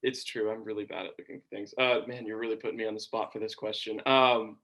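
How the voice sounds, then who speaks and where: A man's voice: fairly low pitch, steady tone, fast, vocal fry, fairly bright tone, low-quality recording. A young man from Georgia, a college sports broadcaster, answering interview questions thoughtfully with frequent ums. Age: young adult. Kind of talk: casual interview.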